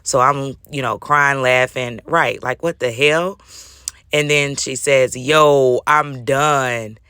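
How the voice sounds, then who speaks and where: A woman vlogger telling a story in a casual, animated, slangy way with frequent laughter. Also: extremely low pitch, takes it slowly, clear, resonant tone, no echo, clean studio sound. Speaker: YouTube vlogger. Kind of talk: casual commentary vlog.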